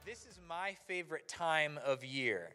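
A man in his thirties giving a playful, animated Christmas sermon to a church audience. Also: a little high, measured pace, faint music behind. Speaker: pastor. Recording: live hall reverb.

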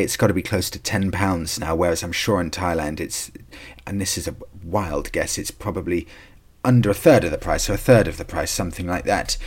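An English man hosting a casual solo podcast, chatty and rambling, with emphatic asides and lots of fillers. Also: deep voice. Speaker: podcast host.

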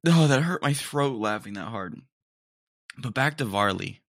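A male podcast host chatting casually with a bright, forceful tone. His delivery is unhurried, with a lively up-and-down pitch, and he often trails off and restarts mid-thought. The sound is close and dry. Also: no echo. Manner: rambling, trails off and restarts, slangy.

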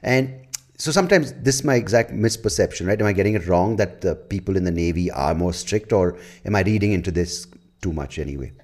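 Guy hosting a podcast, low voice, jokey and laughing a lot. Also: brisk. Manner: joking, laughs a lot, animated. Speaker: podcast host. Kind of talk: podcast interview.

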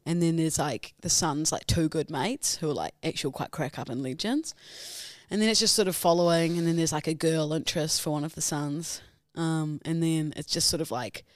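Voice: mid-range voice, moderate pace, dry recording. A podcast co-host chatting casually, full of fillers and loose hesitations. The voice sits in a middle range. The sound is dry and close. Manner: hesitant, filler-heavy with lots of "like". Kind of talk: casual chat, describing a film for a guessing game.

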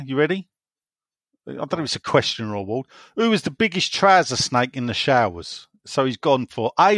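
A man's voice: medium pitch, no room sound, clean studio sound. A man co-hosting a casual football podcast, reading out listener messages with teasing, jokey banter and frequent laughter.

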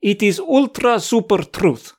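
A man's voice: high-pitched, expressive, a little slow, voice pushed up. A man putting on a boastful Russian politician. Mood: mock-grandiose. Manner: broken-English pronouncements, mock-grandiose.

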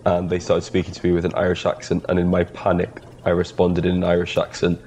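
A man's voice: deep voice, monotone, fast talker, darkish tone, slight background noise. A tired Welsh man co-hosting a podcast in casual chat, friendly and laughing easily. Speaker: podcast co-host.

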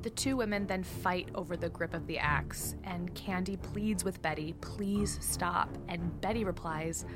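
A woman's voice: lowish voice, normal speed, hardly any pauses, music in the background. A woman co-hosting a podcast, steadily retelling a true-crime case step by step. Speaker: podcast co-host.

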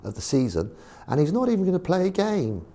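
A man putting on the voice of a posh, fussy older club chairman with a plummy, drawn-out way of talking. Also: high voice, very animated, mellow, pitched above the performer's own voice, exaggerated voice. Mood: prim.

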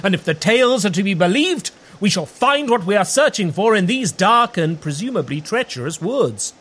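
A pompous, lovestruck male knight in a comedy audio drama, all flowery archaic declarations. The voice swings up and down with lively, theatrical emphasis. He sounds boastful and cheerfully tactless. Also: mid-range voice, moderate pace, slight background noise. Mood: earnest.

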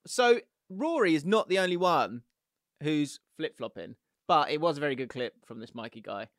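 A man co-hosting a casual football podcast, animated and jokey, slipping into quick mimicry. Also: on the high side, dry recording, studio quality. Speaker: podcast co-host.

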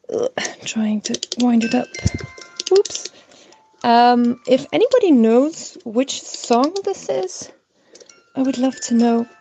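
A woman leaves a gentle, apologetic voicemail. She speaks slowly and deliberately, in a soft, mellow tone. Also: on the high side, gravelly. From Belgium. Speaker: caller. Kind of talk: voicemail to a podcast.

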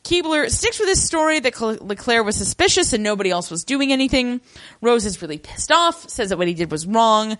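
A woman's voice: fairly high pitch, fairly quick. A woman co-hosting a podcast, recapping a TV episode in casual chat with wry jokes. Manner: wry, joking, lively asides.

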